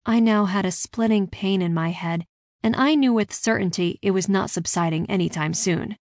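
A woman reading a first-person fantasy story aloud with steady, expressive narration. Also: mid-range voice, normal speed, dry recording, studio quality.

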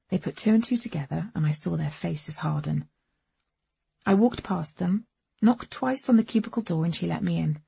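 Woman, audiobook narrator, husky, gravelly, wry and understated, dry dull recording. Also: on the low side, moderate pace, mellow, dry recording. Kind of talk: first-person novel narration.

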